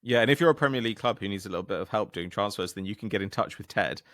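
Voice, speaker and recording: An English man co-hosting a podcast in casual chat, wry and joking in a relaxed way. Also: fairly low pitch, racing, no room sound, studio quality. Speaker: podcast co-host.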